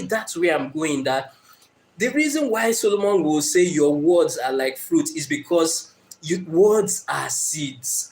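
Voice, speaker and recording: A man's voice: high voice, slight background noise. A man preaching an evening sermon, telling a story with acted-out quotes and emphatic repetition.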